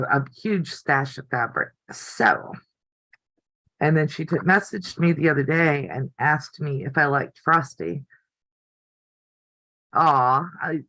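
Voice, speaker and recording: A woman's voice: deep voice, fairly bright tone, no echo, poor audio. An older woman hosting a casual live stream from her home craft room, chatty and easily delighted. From United States. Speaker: quilting channel host.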